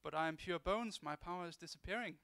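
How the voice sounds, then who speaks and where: A man's voice: high-pitched, quick pace, gravelly, bright, forceful tone, dry recording, clean studio sound, full character voice. A man dubbing a boastful male supervillain in a comic reading, hammy and boastful. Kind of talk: comic dub of a webcomic.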